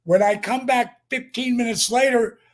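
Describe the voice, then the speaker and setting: A man in his sixties, a podcast guest telling a story in a lively, profane way with many fillers, acting out what people said. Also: extremely high pitch, moderate pace. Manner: profane, acts out quotes, lots of fillers. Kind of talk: animated storytelling.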